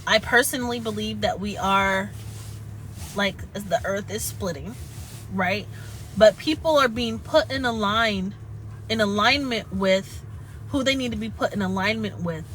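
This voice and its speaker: A woman chatting earnestly and haltingly about spiritual healing, at times close to tears. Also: a little high, sharp tone, a little hiss or hum, rough recording. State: tearful at moments. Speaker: spiritual vlogger. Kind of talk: emotional casual chat.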